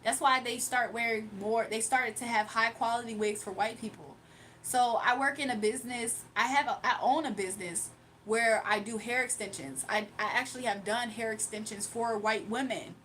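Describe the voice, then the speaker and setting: A young woman with a high voice hosts a casual livestream, talking straight to her chat. She sounds combative and mocking as she brushes off critics. A faint room ambience sits under her webcam mic. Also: moderate pace, fairly bright tone, a little hiss or hum. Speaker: livestream host.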